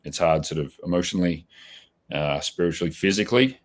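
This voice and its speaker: Forties Australian male guest, extremely deep voice, reflective and conversational. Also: expressive, brisk. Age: 40s. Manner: reflective, with many restarts and tag questions. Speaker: podcast guest. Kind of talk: casual interview answers.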